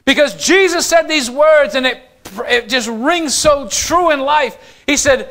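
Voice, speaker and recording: A man preaching to his congregation as pastor, moving between loud declarations and quiet asides and putting questions straight to the listeners. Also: extremely high pitch, measured pace, hardly any pauses. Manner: addresses the congregation directly with questions. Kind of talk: sermon.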